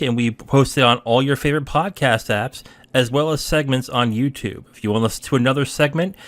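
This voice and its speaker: A man hosting a gaming news podcast, telling a story in a casual, animated way and laughing at himself. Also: mid-range voice. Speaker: podcast host. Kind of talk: casual chat.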